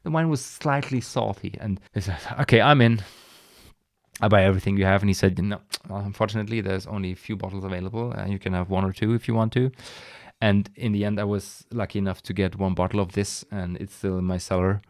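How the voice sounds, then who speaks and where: A man with a fairly low voice talks about what he tastes in an easy, enthusiastic podcast chat. He rambles, restarts his sentences and breaks off with sighs. The sound is dry and close, with no room echo. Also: steady tone, fast. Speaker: podcast host. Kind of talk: casual solo wine podcast.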